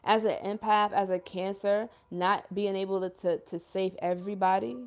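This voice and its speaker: A woman's voice: mid-range voice, flat delivery, normal speed, a little mellow. A young woman hosting a livestream as a self-described healer, talking in earnest, emotional casual chat full of slang like "yo" and "y'all" while reading out viewer comments.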